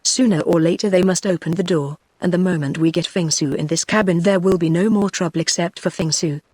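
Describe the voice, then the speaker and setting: A text-to-speech voice of a woman with a British English accent, reading the lines of a calm, resolute man in a storybook. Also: lowish voice, dry recording, natural voice. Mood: measured. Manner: measured, dry. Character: calm, resolute man trapped aboard a ship.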